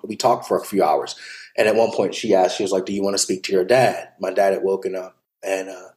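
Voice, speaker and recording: A man, a podcast guest, telling a heartfelt personal story in an earnest, confessional way, sometimes dropping to a hush. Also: lowish voice. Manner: earnest, heartfelt, confessional, with quiet hushed passages.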